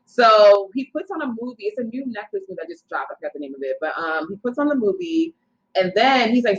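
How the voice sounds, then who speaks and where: Young woman telling a story, animated. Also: mid-range voice. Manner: animated, quotes people in her story, quick asides. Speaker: guest. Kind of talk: casual storytelling. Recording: slightly dull lo-fi sound.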